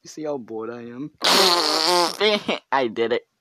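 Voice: mid-range voice, a little fast, slight background noise. A vlogger talking alone in their bedroom, rambling and giggly, with filler words all through. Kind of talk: rambling casual monologue to camera. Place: own bedroom.

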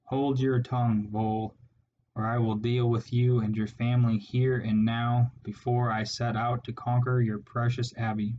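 A man's voice: mid-range voice, level tone, moderate pace, lo-fi sound, close to an everyday voice. A man voicing a cruel, arrogant male rat warlord in a storybook reading, sneering and menacing. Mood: threatening.

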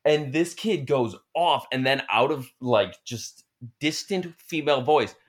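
A man hosts a casual podcast in a jokey, laid-back way. His pitch moves around a lot, and he swears casually. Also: lively intonation, a little slow. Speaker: podcast host. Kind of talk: casual chat.

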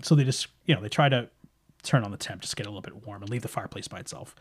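A man's voice: on the low side, racing, breathy edge. A man narrating a tabletop horror game as game master, in a casual, chatty way that trails off and restarts.

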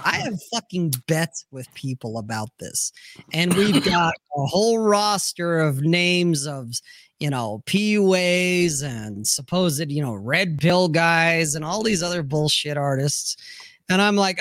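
Male co-host, higher pitch, close dry mic, profane and animated in casual banter. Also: a little slow, dry recording. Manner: blunt, swearing, animated storytelling. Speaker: podcast co-host.

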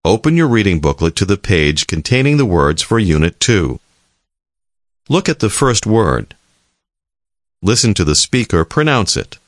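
A very deep-voiced man narrates a language lesson in a calm, measured tone. His delivery is lively in pitch despite the steady pace, and the recording is dry and close with no room sound. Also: no echo. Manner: calm, measured, clearly enunciated. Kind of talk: scripted instructional narration.

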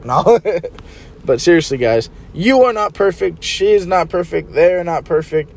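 This man's voice sits high, with lively intonation, a slightly slow pace and some creak. He's talking straight to camera with casual, blunt relationship advice, treating listeners as pals, over a faint hiss or hum.

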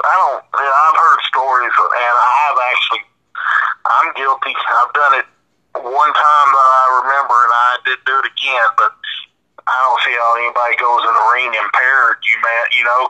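A man with a very bright, sharp voice chats loosely and keeps dropping "man" into his talk. He comes through a tinny, phone-like line. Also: mid-range voice, steady tone, normal speed. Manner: loose, chatty, says "man" a lot. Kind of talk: casual chat.

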